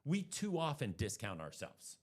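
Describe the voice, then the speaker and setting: A man's voice: medium pitch, normal speed. A man, a guest on a business podcast, telling stories and acting out his own thoughts as he talks. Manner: animated storyteller acting out his own inner voice. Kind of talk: storytelling interview talk.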